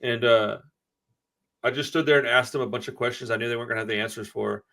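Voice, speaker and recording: A man talks quickly in a loose, profane way, spinning long anecdotes for friends on a podcast. His pitch sits in an ordinary middle range. He sounds relaxed and casual and jumps from tangent to tangent. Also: gravelly. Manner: profane, rambling storyteller.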